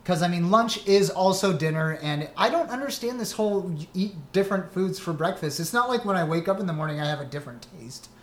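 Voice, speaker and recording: A man co-hosting a casual chat, ranting in an animated way with big jumps in his voice. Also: high-pitched, a little fast, hardly any pauses. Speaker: podcast co-host. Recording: echoey room with faint noise.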